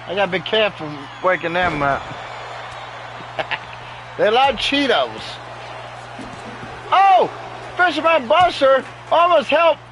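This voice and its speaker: A man giving excitable play-by-play commentary over a wrestling video game at home, often exclaiming in alarm. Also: very high voice, a little hiss or hum, poor audio. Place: home with sleeping dogs nearby.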